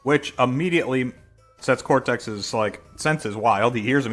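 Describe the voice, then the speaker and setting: A man casually retelling a fan comic, rambling and correcting himself as he goes. His voice sits at an everyday middle pitch, and faint music plays under it. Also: a little slow, fairly bright tone. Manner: rambling, with fillers and self-corrections. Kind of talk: casual storytelling.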